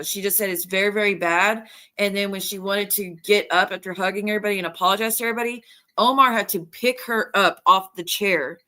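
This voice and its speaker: A woman hosting a stream, retelling gossip in a rambling, animated way with many restarts. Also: mid-range voice. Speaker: livestream host. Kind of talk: casual gossip chat.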